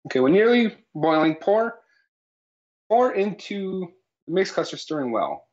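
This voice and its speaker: A cooking-show co-host on a jokey live stream sounds very animated, with a high-sitting voice, a darkish tone and a slightly slow pace. He explains absurd facts with mock authority, tagging lines with "all right?", over slightly dull lo-fi audio.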